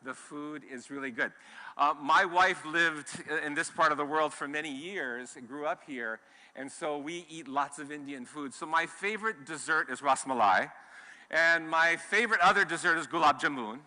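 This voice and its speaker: A man's voice: a little high, normal speed, bright, forceful tone. A middle-aged man from Hawaii giving an enthusiastic keynote talk on a conference stage, with some restarts. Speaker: conference speaker. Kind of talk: keynote talk to a live audience. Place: large conference hall. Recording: long hall reverb.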